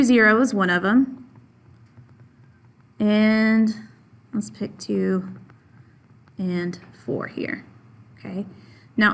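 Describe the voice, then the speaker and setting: A woman's voice: medium pitch, creaky, fairly bright tone. Patient woman teaching a math lesson. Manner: patient, repeats and stresses key points; asks questions of the class and answers them herself. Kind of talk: classroom lesson.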